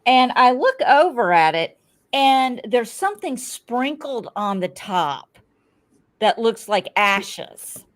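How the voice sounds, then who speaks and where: A middle-aged woman hosting a podcast, telling a story in casual chat, animated and profane. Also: fairly high pitch, takes it slowly. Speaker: podcast host.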